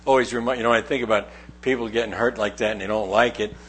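A man's voice: lowish voice, steady tone, fast, a bit bright, husky. An older man preaching a sermon in a folksy, conversational way, acting out quoted voices.

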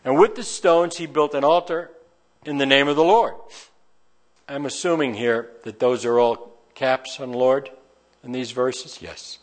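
This Bible teacher reads scripture verse by verse in an unhurried, mid-range voice, pausing now and then to offer folksy comments on the text.

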